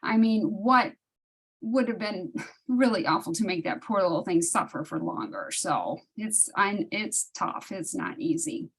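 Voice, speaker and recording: A woman's voice: mid-range voice, sing-song, unhurried, husky, rough recording. A woman talking casually on an online study group call, sharing a personal story with many restarts and laughs. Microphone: video call.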